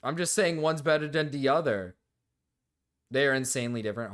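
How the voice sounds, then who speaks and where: A man live-streaming casually, reacting to videos and talking to chat, excitable and quick to yell, then sheepishly apologize. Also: medium pitch. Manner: excitable, swings between yelling and sheepish apologies.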